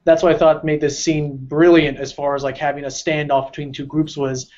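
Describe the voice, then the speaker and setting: A man's voice: a little high, flat delivery, a little fast, a little mellow, dull audio. A man co-hosting a casual podcast about a video game, eager and chatty, often jumping in. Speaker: podcast co-host.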